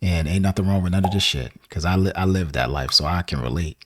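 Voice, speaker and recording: A man's voice: low voice, fast talker, heavy background noise. A man from the American South hosting a music reaction video, chatting casually and rambling with lots of fillers and laughs. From Southern United States.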